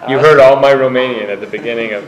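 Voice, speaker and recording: A man's voice: medium pitch, steady tone, quick pace, a crowd in the background. A man giving a book talk to a live audience, telling anecdotes and acting out the voices of the people in them. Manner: anecdotal, acts out quoted voices. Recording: echoey room.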